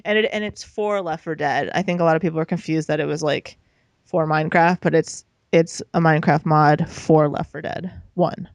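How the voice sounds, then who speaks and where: A young woman co-hosts a casual gaming podcast, giggling often and rambling through her thoughts with plenty of fillers. Her voice sits at a middling pitch. It is recorded close and dry, with no room sound. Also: fairly even intonation, moderate pace, no echo. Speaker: podcast co-host. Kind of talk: casual chat.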